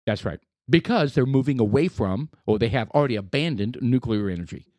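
Animated man co-hosting a podcast. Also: mid-range voice, a little fast, no echo. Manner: animated, emphatic, repeats himself. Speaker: podcast co-host. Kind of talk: casual banter.

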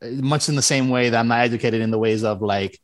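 A man's voice: mid-range voice, fairly quick. Joking defensive man, casual chat. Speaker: guest.

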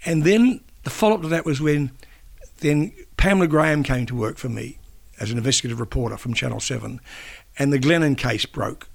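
An older man from New Zealand, a former newspaper editor and broadcaster, recounting a personal story in an interview. He speaks haltingly, with frequent restarts and fillers. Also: mid-range voice, gravelly.

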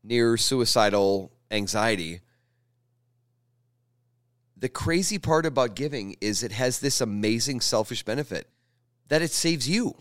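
A man hosting a casual podcast chat, telling stories with animated emotion. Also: medium pitch, a little slow, long pauses, dry recording, clean studio sound.

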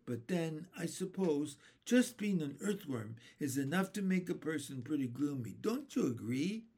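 A man reading aloud and voicing a gentle, confiding female ladybug from a storybook. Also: fairly high pitch, big pitch swings, normal speed, husky, voice pushed up, exaggerated voice.

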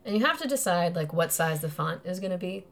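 A woman's voice: on the low side, animated, fast, a bit bright, slight background noise. A woman hosting a podcast, explaining a topic in casual, rambling chat. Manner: rambling, laughs often, uses filler "like". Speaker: podcast host.

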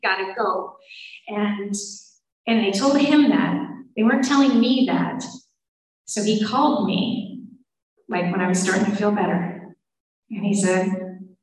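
A woman tells her personal testimony to a gathered audience, her voice a touch high and full of feeling. She slips into the voices of the people she quotes. The sound is roomy and picked up from some distance. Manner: emotional, quoting others in changing voices. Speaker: speaker sharing a recovery story. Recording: roomy hall, voice from off-mic.

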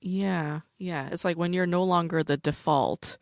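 A woman's voice: lowish voice, a little slow, gravelly, no echo, clean studio sound. A woman hosting a casual conversation, telling stories candidly and animatedly with lots of "like". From United States. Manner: candid, animated storytelling with frequent "like".

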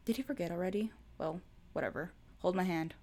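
Woman reading a flat, deadpan teenage boy. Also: fairly low pitch, fairly quick, lightly acted. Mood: calm.

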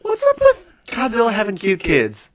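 Animated laughing male podcast host. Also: high-pitched, moderate pace. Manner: animated storyteller, laughs often. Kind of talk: casual podcast chat.

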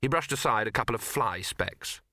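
A man's voice: mid-range voice, animated, normal speed, bright, forceful tone, no echo. A man narrating a comic fantasy audiobook, shifting his voice for each character.

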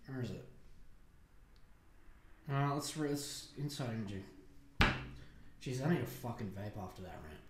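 A man's voice: mid-range voice, animated, normal speed, pauses often, darkish tone. A young Australian man hosting a casual solo podcast, sarcastic and profane, wandering into rambling asides. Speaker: podcast host. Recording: echoey room.

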